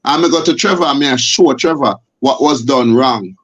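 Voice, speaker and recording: A man with a Jamaican accent, a guest on a talk show, arguing forcefully and firing off rhetorical questions. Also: mid-range voice, normal speed, slightly rough. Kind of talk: impassioned talk show discussion. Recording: dull lo-fi audio.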